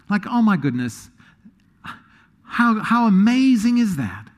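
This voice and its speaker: A man preaching a sermon, animated, swinging between quiet asides and loud emphasis. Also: high-pitched, normal speed, big-room sound. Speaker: pastor.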